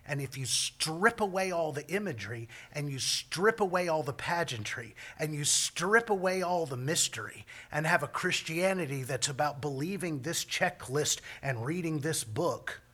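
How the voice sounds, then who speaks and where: A man preaches from the pulpit in a folksy, conversational manner. His voice sits a little high and rings bright and forceful, and he drops in homespun turns of phrase as he teaches. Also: animated, moderate pace, few pauses. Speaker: pastor. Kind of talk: sermon.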